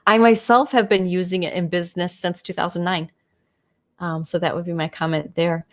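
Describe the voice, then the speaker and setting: A woman's voice: on the low side, fairly even intonation, normal speed. A middle-aged woman hosting a casual livestream, talking in a chatty, enthusiastic way with many fillers. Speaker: livestream host.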